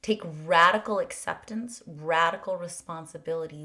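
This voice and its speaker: A woman with a low voice talks slowly and thoughtfully through a spiritual reflection. She piles up earnest rhetorical questions and now and then sinks into a breathy near-whisper. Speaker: podcast host.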